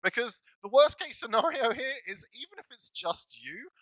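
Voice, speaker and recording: A man's voice: extremely high pitch, very animated, normal speed, fairly bright tone, no echo, low-quality recording. A male pastor giving a casual, self-deprecating sermon, laughing often as he talks. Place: church.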